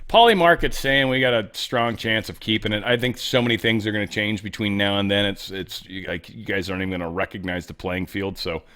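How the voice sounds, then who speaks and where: A man's voice: on the low side, fairly bright tone. A man hosting a casual political commentary show, talking in an irreverent, joking way and swearing freely. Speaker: host.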